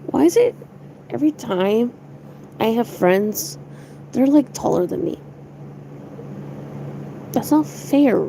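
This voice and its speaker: A woman's voice: on the high side, expressive, slow, pauses often, dark tone, slight background noise, rough recording. A young woman streamer chatting casually to her viewers, rambling, giggly and swearing a lot. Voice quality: gravelly fry.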